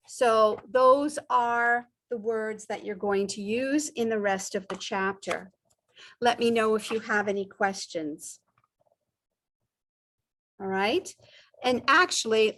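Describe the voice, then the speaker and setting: Very slow, careful woman teacher. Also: fairly high pitch. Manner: stretches out example sentences, pausing often. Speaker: English teacher. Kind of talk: slow, deliberate ESL lesson.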